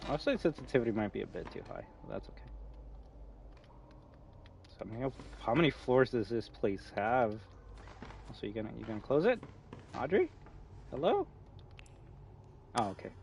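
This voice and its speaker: Young man, game streamer, animated pitch, faint noise behind. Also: normal speed, vocal fry, long pauses. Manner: rambling, joking, chatty. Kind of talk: live gameplay commentary.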